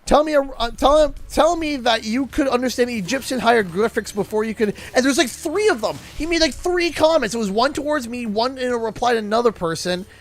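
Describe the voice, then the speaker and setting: A young Canadian man chatting casually on a gaming livestream, laughing often and talking excitably as he reads out chat. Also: extremely high pitch, brisk, few pauses. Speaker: streamer.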